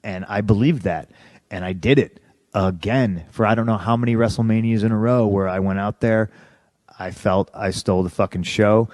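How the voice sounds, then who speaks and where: A man's voice: on the low side, steady tone, normal speed, a little mellow, no echo. A man in an interview telling his story bluntly, swearing often and restarting his sentences. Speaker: interview guest. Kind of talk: candid conversational storytelling.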